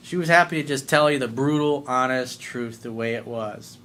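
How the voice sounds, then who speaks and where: A man's voice: medium pitch, moderate pace, a bit bright, a little hiss or hum. A middle-aged man giving blunt, profane dating advice as the host of his own show.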